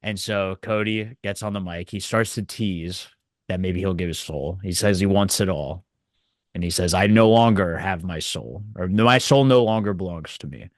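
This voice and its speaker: A man co-hosting a casual wrestling review podcast, telling events in an animated way with acted quotes. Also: sits low, moderate pace, no echo, studio quality. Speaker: podcast co-host.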